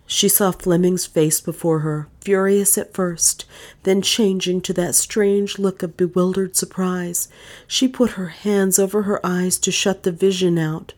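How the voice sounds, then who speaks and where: This is scripted audiobook narration of a mystery novel by a woman whose voice is low. She reads in a steady, even, measured way.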